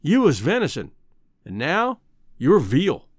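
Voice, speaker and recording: A man reading the part of a gruff, scornful Western cowhand who scolds in a folksy drawl. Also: on the high side, huge pitch swings, takes it slowly, dry recording, studio quality, heavily acted. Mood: mournful scorn.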